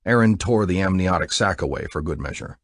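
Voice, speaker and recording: Deep, husky male audiobook narrator. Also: fairly quick, dry recording, clean studio sound. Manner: expressive, dramatic reading.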